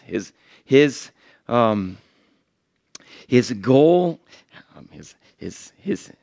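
A middle-aged man, a visiting missionary, giving a sermon in a church in an earnest, halting way with many fillers and restarts. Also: fairly low pitch, creaky, darkish tone, no echo.

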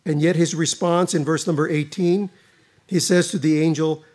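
A man preaching a sermon, speaking emphatically with dramatic pauses and repeated phrases. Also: on the high side, steady tone, darkish tone. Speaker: pastor.

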